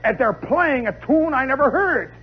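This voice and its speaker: A man telling a comic story live, animated and dramatic, with chatty asides to the listener. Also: very high-pitched, moderate pace. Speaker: radio storyteller. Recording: lo-fi 1960s radio recording with faint hiss.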